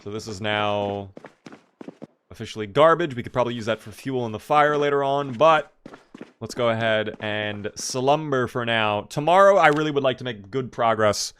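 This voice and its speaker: With a medium-pitched, fairly bright voice at a moderate pace, this man streams a game live against slight background noise. Hailing from Maryland on the US East Coast, he chats casually and answers his viewers' questions while playing.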